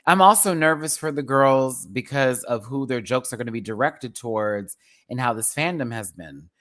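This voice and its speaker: Livestream host, male, sassy and animated, casual rant to viewers. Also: moderate pace. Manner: animated, sassy, talks straight to chat with big pitch jumps. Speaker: live stream host.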